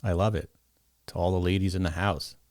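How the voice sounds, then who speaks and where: A man with a New York accent hosting a podcast interview, easygoing and quick with short affirmations. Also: low voice, little pitch movement, darkish tone, no echo, studio quality. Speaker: podcast host. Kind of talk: casual interview.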